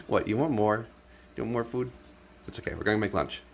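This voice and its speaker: A man talks to his pet bird in a home kitchen, cooing in playful sing-song baby talk and laughing often. His voice sits low, but his pitch swoops up and down with lively expression. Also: normal speed, slight background noise.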